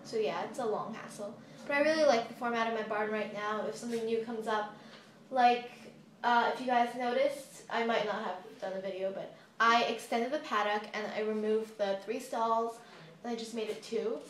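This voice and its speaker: Speaking at normal speed in a slightly high, steady voice, a young model horse YouTuber from the US rambles through a casual Q&A with giggly tangents. A phone propped on a table records her in an echoey room, with a faint hiss underneath.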